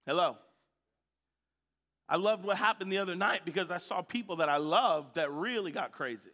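Animated man preaching in a reverberant church. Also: high voice, moderate pace. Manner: animated storytelling, shouting at peaks. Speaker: pastor. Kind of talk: sermon. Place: church sanctuary.

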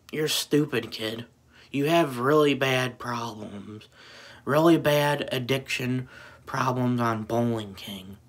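Young male vlogger, husky voice, unhurried delivery, repetitive mocking rant. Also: mid-range voice, fairly bright tone. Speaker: YouTuber. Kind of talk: angry rant vlog.

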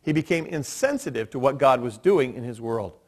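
A man's voice: mid-range voice, lively intonation, fairly quick. A male pastor preaching a sermon in a church, explaining steadily with occasional dry self-deprecating humor. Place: church sanctuary.

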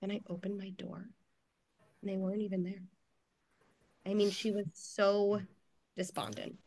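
A woman's voice: medium pitch, little pitch movement, unhurried, darkish tone. A woman psychologist giving earnest, reassuring parenting advice on a video call, with frequent restarts and filler words.

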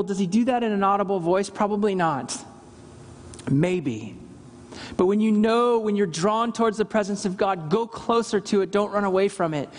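A man's voice: high voice, long reverb tail. A man preaching a sermon as pastor, earnest, acting out scripture quotes with emphasis. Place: church service.

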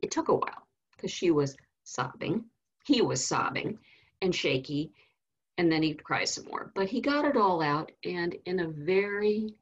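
A woman teaching Sunday school, telling a story in an animated, storytelling way. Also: lowish voice, a little slow, husky, dull audio. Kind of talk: storytelling lesson.

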